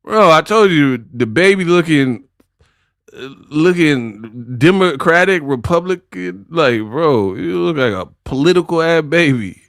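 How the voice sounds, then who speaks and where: Man, live-stream commentator, slow and unhurried, dry close sound, joking slangy banter, laughing. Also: a little high, expressive, dry recording.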